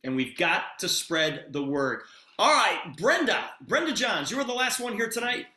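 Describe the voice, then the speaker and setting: A man's voice: high-pitched, very animated, moderate pace, pushed and bright, reverberant. Urgent, enthusiastic man on a video call. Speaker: host of a sales call. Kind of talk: sales pitch on a video call.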